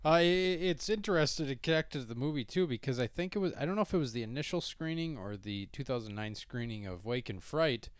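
A man's voice: mid-range voice, animated, quick pace, few pauses, smooth, no room sound, studio quality. A man co-hosting a casual film podcast, thinking aloud and unsure of the details as he talks. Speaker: podcast co-host.

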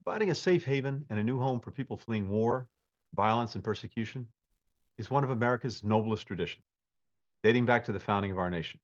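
A man giving a measured, formal prepared statement as a government official. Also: mid-range voice, highs cut off.

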